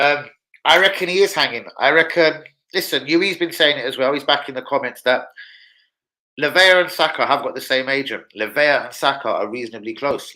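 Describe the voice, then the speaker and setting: A man's voice: medium pitch, pushed and bright, low-quality recording. A young man, hosting a casual football livestream, rambling and swearing in street slang. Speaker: football channel host.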